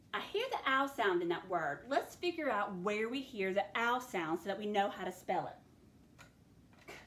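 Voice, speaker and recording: A woman teacher leading a phonics spelling lesson for children, sounding out each word patiently. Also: mid-range voice. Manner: slow, patient, sounds words out. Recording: echoey room, faint background noise.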